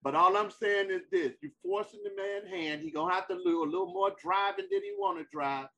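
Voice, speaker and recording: A man's voice: high voice, a little fast, pushed and bright, poor audio. A man co-hosting a casual sports talk debate, emphatic and repeating himself to hold the floor.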